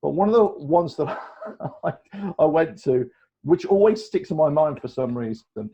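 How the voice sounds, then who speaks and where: A man in his fifties tells long, rambling stories as a guest, his voice sitting a touch high and full of animation. He laughs easily between lines. The recording sounds dull and lo-fi. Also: expressive, normal speed, gravelly, mellow, slightly rough. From England. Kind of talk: casual storytelling chat.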